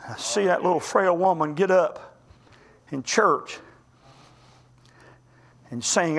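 A male preacher delivering a sermon, telling stories in a folksy, impassioned way that swings between loud climbs and quiet drops. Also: sits high, slow, vocal fry, long pauses. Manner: impassioned, folksy storytelling with sudden rises and drops.

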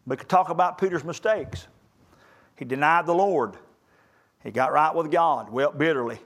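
A middle-aged man preaching a sermon to young graduates, building to loud emphatic peaks in a folksy way. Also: fairly high pitch. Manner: rising to loud emphatic peaks, southern colloquial phrasing.

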